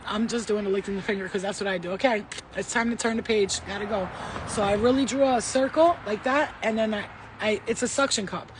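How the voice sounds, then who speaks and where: A woman giving a casual spiritual reading, rambling and emphatic, blunt and sometimes swearing, moving between loud urging and soft asides. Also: medium pitch, brisk, noisy background. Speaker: spiritual reader. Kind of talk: casual channelled tarot-style reading.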